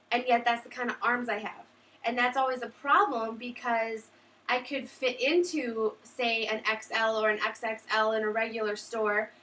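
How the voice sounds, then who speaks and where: Woman vlogger, bright tone, slightly distant from the mic, faint hiss behind. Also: fairly high pitch. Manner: candid, conversational, many fillers. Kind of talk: casual confessional chat.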